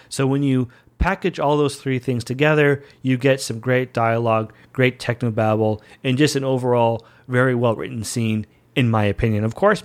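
A man giving casual solo commentary on a movie scene, chatty, enthusiastic and self-deprecating. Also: medium pitch. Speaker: film commentator.

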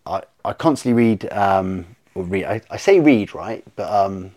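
A man chatting on a podcast as a guest, telling stories in a rambling, animated way with lots of fillers. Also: deep voice, a little slow. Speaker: podcast guest, soap brand owner. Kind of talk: casual podcast chat.

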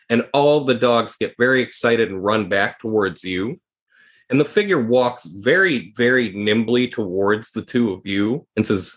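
A man running a tabletop game as game master, narrating scenes in a steady, descriptive way. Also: lowish voice, moderate pace.

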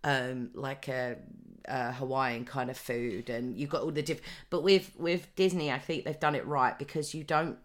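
A woman's voice: extremely low pitch, steady tone, moderate pace, hardly any pauses. A woman co-hosting a podcast in casual chat, talking freely with many ums and restarts. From United Kingdom. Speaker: podcast co-host.

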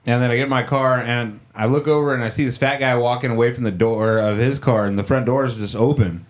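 A man's voice: mid-range voice, fairly even intonation, fast. A young man casually telling a rambling, profane story to friends, laughing as he goes. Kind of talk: casual chat.

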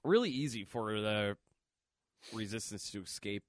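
Rambling profane podcast host. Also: male voice, fairly low pitch, lively intonation, normal speed, no echo, studio quality. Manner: rambling, profane, filler-heavy. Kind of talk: casual chat recapping a comic.

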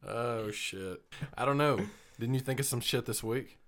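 A man's voice: medium pitch, normal speed, fairly bright tone. A man co-hosting a podcast, tossing in short teasing remarks. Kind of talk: casual chat.

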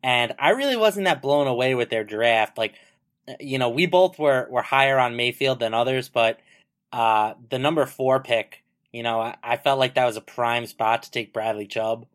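A man's voice: medium pitch, moderate pace. Casual man chatting sports betting. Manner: relaxed, filler-heavy analysis. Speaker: podcast co-host.

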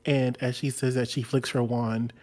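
Brief: excitable player in a tabletop game, mid pitch, giggly. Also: normal speed. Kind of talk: casual tabletop play.

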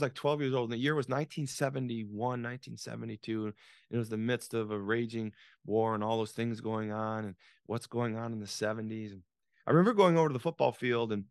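Podcast guest in his sixties, man, gravelly, dry close mic, dramatic storyteller. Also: medium pitch, dry recording. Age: 60s. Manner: dramatic, repetitive, frequent restarts. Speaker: podcast guest, author and business coach. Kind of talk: conversational storytelling.

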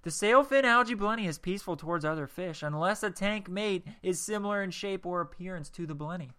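A man's voice: sits high, brisk, bright, forceful tone, clear, resonant tone. A man hosting a casual solo podcast, reading text aloud in a rambling, jokey way and tripping over words. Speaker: podcast host.

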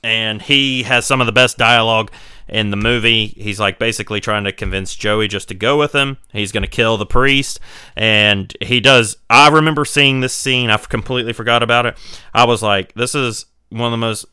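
A man's voice: medium pitch, fairly even intonation, normal speed, sharp tone, clear, resonant tone, no echo, clean studio sound. A man co-hosting a horror film podcast, casually recapping scenes with rambling asides and swearing. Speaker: podcast co-host.

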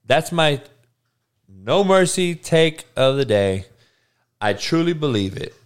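Male podcast host, blunt profane sports rant, lively swinging pitch, smooth clear voice. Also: takes it slowly. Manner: profane, blunt, talks back to live chat.

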